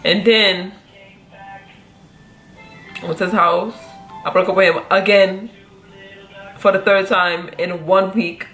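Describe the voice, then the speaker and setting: A young adult woman telling a casual storytime story in a profane, slangy, animated way. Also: medium pitch, slow, long pauses, faint music behind. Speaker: vlogger.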